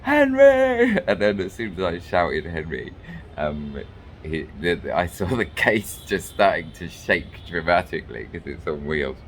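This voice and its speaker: A man from England, a vlogger and fairy maker, tells a meandering travel anecdote from a small hotel room, full of ums and restarts. His voice sits low with a fairly bright tone at a moderate pace, and there's slight background noise.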